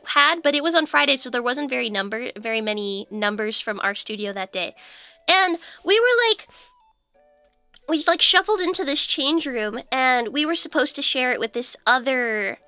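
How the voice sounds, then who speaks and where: A woman's voice: high-pitched, lively intonation, moderate pace, bright, forceful tone, clear, resonant tone, no room sound, faint music behind. A young woman streamer chatting casually, telling stories with lots of laughs and fillers. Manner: chatty storyteller who laughs often and fills with "like". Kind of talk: casual livestream chat.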